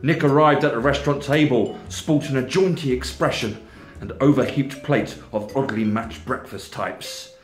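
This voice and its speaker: A man reading his own comedy novel aloud in a steady, measured narration. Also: mid-range voice. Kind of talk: audiobook narration. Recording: echoey room, faint music.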